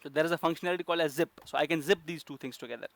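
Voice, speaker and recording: A man's voice: a little high, racing, creaky, fairly bright tone, no room sound. A man teaching a coding lesson, explaining step by step with frequent fillers and restarts. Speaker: programming instructor.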